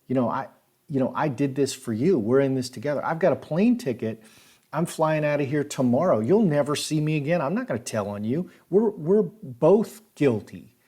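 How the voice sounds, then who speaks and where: A man's voice: on the high side, very animated, fast, slightly rough. A man voicing a small, frightened male lawyer who pleads frantically for his life, his words tumbling out. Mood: desperate pleading.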